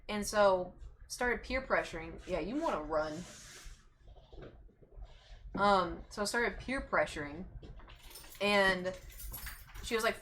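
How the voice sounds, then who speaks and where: Animated young woman telling a story. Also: medium pitch, measured pace, long pauses, slight background noise. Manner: animated, acts out quoted voices. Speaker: streamer. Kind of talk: casual storytelling. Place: her stream room.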